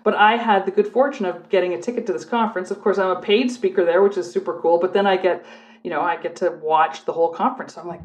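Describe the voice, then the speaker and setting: A middle-aged woman from Canada, a former police officer, telling her stories in a relaxed, chatty way on a podcast. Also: medium pitch, brisk. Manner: chatty storyteller, talks readily at length. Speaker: guest, former undercover cop and prosecutor. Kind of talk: casual podcast chat. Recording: muffled lo-fi audio.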